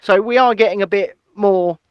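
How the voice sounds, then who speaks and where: A man co-hosts a casual, irreverent news chat. His voice sits high for a man and sounds dry and close. He keeps it playful and often breaks into silly impressions. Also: moderate pace, clean tone, no room sound, dull audio. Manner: jokey, breaks into silly put-on voices and snatches of song. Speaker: co-host.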